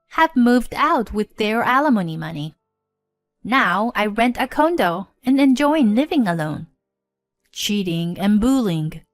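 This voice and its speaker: A woman telling a first-person story in an expressive, indignant storytelling manner. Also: mid-range voice, dry recording. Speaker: narrator. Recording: dry close voice-over with faint music.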